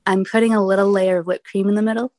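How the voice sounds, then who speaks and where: A woman calling in to a comedy game show, chatting casually and laughing softly. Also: mid-range voice, fast talker, no room sound. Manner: relaxed, laughs softly between answers. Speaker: caller. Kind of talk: casual phone chat.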